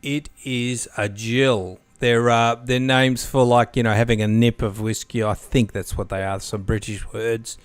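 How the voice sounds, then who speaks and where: A man hosts a relaxed quiz game, reading out clues and dropping playful hints along the way. His voice is smooth and resonant, with a dry sound close to the mic. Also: medium pitch, unhurried, few pauses, no room sound. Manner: joking, chatty, hints freely at answers. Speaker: quiz host. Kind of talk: casual game-show hosting.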